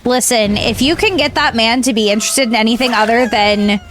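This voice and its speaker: A young woman from Southern California, streaming live and chatting casually with her chat, playful and dramatic, with a softened Southern Californian accent. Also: fairly high pitch, a little fast, slight background noise. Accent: Southern Californian, trained down. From Southern California (San Diego).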